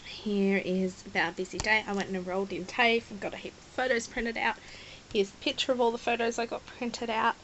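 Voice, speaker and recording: A woman's voice: on the high side, steady tone, fairly quick, a bit bright, a little hiss or hum, poor audio. Chatty Australian woman. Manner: chatty, rambling and apologetic; emotional, near tears at times. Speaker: scrapbooking vlogger. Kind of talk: casual chat showing a scrapbook.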